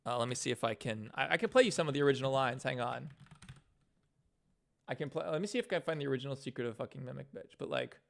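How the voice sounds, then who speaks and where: A man's voice: mid-range voice, expressive, fast, vocal fry, fairly bright tone. A man casually chatting on a live stream from his home computer setup, rambling and correcting himself as he talks. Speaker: animator streaming his work.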